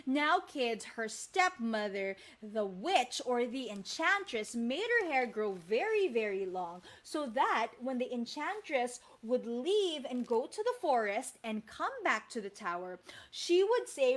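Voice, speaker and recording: A woman's voice: a little high, a little slow, hardly any pauses. A woman from the Philippines, a teacher, telling a fairy tale live to children and speaking to them directly. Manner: animated, addresses kids directly. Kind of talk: live storytelling for kids.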